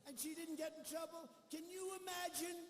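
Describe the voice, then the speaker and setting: A man's voice: extremely high pitch, fairly even intonation, a little fast, faint music behind. A man giving a rambling, boastful rally speech with mocking asides to a large arena crowd. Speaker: political speaker at a campaign rally. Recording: echoey arena hall with faint crowd ambience.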